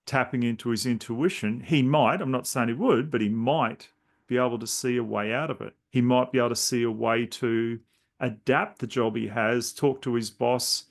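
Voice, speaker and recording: A man's voice: mid-range voice, fairly even intonation, normal speed. A man hosting a podcast, telling stories in a casual, rambling way with many restarts. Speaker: podcast host. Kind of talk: casual storytelling chat.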